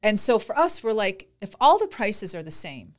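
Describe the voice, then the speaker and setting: A woman's voice: medium pitch, sing-song, moderate pace. A woman co-hosting a podcast, chatting casually and retelling conversations with lots of "like" and quoted dialogue. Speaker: podcast co-host. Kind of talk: casual chat, storytelling.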